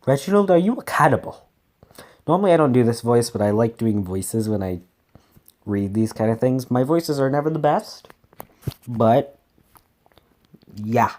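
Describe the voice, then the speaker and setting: A man's voice: medium pitch, expressive, normal speed, long pauses, a little mellow. A man casually reading a solo adventure gamebook aloud, stumbling over words and breaking off for chatty asides.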